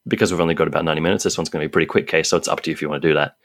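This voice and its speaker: Give me a male game master with a very deep voice narrating a tabletop game in a fast, casual way. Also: steady tone. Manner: quick, casual narration with fillers like "like" and "uh".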